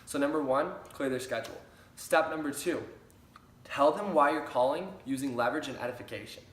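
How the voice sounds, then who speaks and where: A man's voice: mid-range voice, brisk, fairly bright tone. A young man giving an upbeat sales training talk, repeating key phrases for emphasis. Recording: roomy echo.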